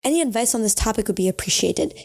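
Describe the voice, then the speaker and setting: A woman voicing an earnest young letter writer in a playful mock-British accent, reading the letter aloud in a higher, sing-song voice. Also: lively intonation, fast talker, gravelly, a little mellow.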